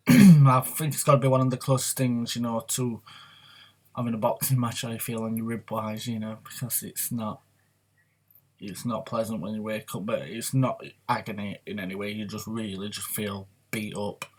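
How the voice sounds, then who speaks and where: A man's voice: lowish voice, fairly even intonation, normal speed, darkish tone, breathy edge. Guy rambling on his vlog, open and confessional. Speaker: vlogger. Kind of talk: candid personal vlog talk.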